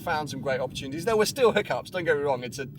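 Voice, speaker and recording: Lively man telling road stories. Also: a little high, rapid-fire, slight background noise. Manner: animated storyteller, acts out quotes. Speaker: YouTuber guest. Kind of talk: casual chat.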